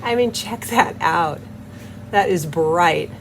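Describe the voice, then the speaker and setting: A woman's voice: lowish voice, takes it slowly, a little hiss or hum, poor audio. Giggly, cheerful woman soap maker. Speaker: soap maker and channel host. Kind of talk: casual chat while making soap. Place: home soap studio.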